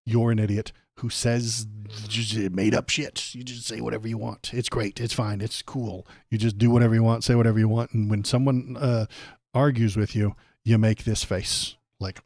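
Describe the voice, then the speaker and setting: A man's voice: fairly low pitch, level tone, moderate pace, darkish tone, no echo. A man hosting a political livestream, ranting casually over clips in a sarcastic, mocking way and swearing freely.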